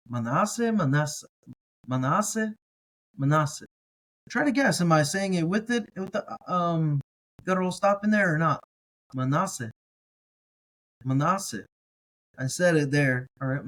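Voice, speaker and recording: A man teaching a relaxed, casual language lesson, carefully sounding out each word slowly and repeating it, with encouraging asides. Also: a little high, poor audio. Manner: relaxed, encouraging, thinks aloud with fillers. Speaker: Hebrew teacher.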